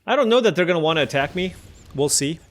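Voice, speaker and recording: A man's voice: on the high side, expressive, fast, a bit bright. A man streaming a digital card game, chatty and musing aloud over each play as he weighs his options. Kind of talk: thinking aloud while playing.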